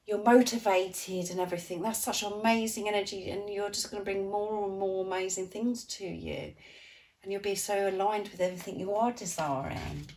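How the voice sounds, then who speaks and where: A woman's voice: lowish voice, a little mellow, a little hiss or hum. A woman giving a tarot reading to viewers, gushing and encouraging, often laughing and talking straight to them. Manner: addresses viewers directly as guys. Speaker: tarot reader.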